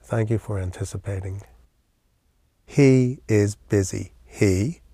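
A man's voice: fairly low pitch, slow pace, warm tone, breathy edge, no room sound. A man teaching a classroom language lesson, patiently explaining step by step with memory aids.

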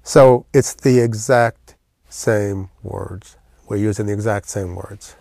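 A man's voice: on the low side, fairly even intonation, slow pace, vocal fry, mellow, dry recording, studio quality. A man teaching a classroom language lesson, patiently explaining step by step with memory aids.

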